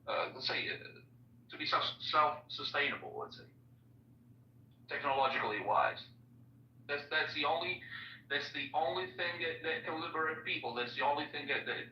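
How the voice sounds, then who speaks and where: A man from Italy with an Italian accent, a guest in an online chat, talking earnestly and haltingly, often repeating words as he searches for phrasing. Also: medium pitch. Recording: echoey, distant, dull audio chat.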